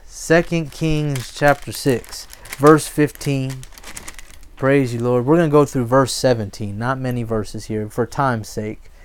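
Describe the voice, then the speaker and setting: A man's voice: medium pitch, measured pace, clear, resonant tone. A man preaching a sermon, emphatic and asking the congregation call-and-response questions. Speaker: pastor.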